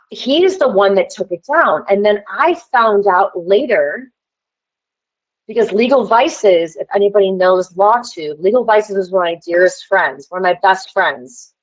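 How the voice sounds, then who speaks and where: On a livestream, a female guest rambles through a story in a casual rant, calling out directly to the chat. Her voice is medium in pitch and her pace measured, though the recording sounds muffled.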